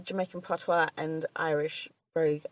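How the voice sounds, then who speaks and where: Australian woman, low voice, dry close sound, rambling chat, laughs a lot. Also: level tone, moderate pace, no echo. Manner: rambling, laughs often, trails off and restarts. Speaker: podcast co-host, comedian. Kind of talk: casual chat.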